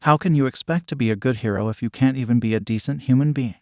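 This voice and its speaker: A man voicing a furious, shaken teenage boy who shouts back in defiance. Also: mid-range voice, fast talker, dry recording, clean studio sound, lightly acted. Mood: defiant.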